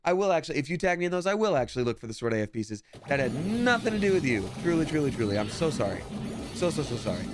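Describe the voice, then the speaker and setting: A man's voice: a little high, big pitch swings, quick pace. A man streaming live while he plays a game, chatting casually and upbeat, using slang and apologizing often. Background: loud game music.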